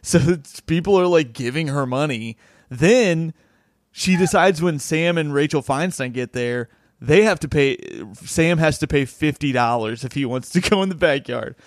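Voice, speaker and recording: A man with a fairly high voice tells a rambling stand-up comedian's anecdote in a relaxed podcast chat. He slips into quoting the people in his story. The sound is dry and close. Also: moderate pace, no echo. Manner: rambling anecdotal telling, acting out quotes.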